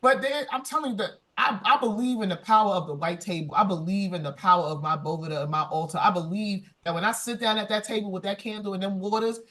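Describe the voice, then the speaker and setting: A woman's voice: medium pitch, fast talker, few pauses, a bit bright. A woman speaking earnestly and emotionally on a conference panel, moved to tears. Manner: emotional, tearful, earnest and affirming. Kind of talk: heartfelt panel discussion.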